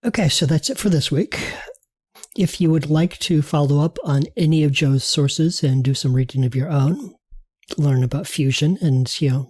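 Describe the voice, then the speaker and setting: Mellow, husky-voiced man. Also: medium pitch, no room sound, clean studio sound. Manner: easygoing, self-deprecating. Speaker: podcast co-host. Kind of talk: casual chat and show outro.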